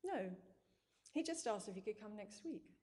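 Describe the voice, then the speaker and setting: A woman reading a storybook, voicing a tired, apologetic young mother who speaks softly. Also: mid-range voice, animated, normal speed, lightly acted. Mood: weary.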